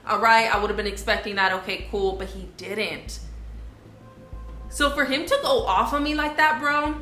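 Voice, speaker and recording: A woman's voice: on the high side, moderate pace, pushed and bright, echoey room, faint music behind. A young woman vlogger telling a storytime vlog in an indignant, conversational way, with many fillers.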